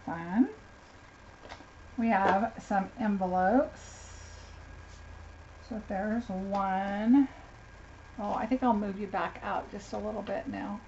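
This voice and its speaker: A woman's voice: mid-range voice, steady tone, takes it slowly, long pauses, darkish tone. A woman doing a chatty live unboxing, gushing over each craft item and talking to viewers by name. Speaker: craft demonstrator. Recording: slightly dull lo-fi sound, faint noise.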